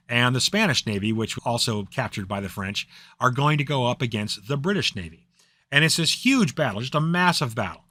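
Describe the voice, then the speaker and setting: A man's voice: mid-range voice, bright, forceful tone, no echo. A man giving a casual history lecture, chatty and loose, with lots of fillers and restarts. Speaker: history teacher.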